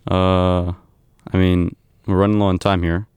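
Low, flat-voiced man with a halting delivery. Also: clean tone, no echo. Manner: halting, many ums and uhs. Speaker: radio DJ. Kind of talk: casual radio back-announcing.

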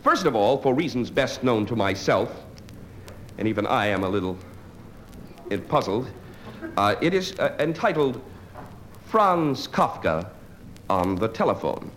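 A man's voice: medium pitch, sing-song, measured pace, long pauses, a bit bright. A man doing a live stand-up routine, with a dry, wry delivery broken by hesitant fillers. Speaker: stand-up comedian. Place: stage before a live audience. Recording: noisy live stage recording.

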